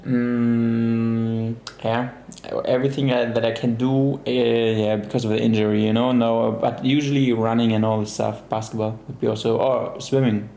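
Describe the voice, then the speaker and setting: A man's voice: mid-range voice, warm tone. A young man hosting a livestream, chatting casually and answering live comments in an easygoing way, laughing often. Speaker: livestream host. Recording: roomy echo.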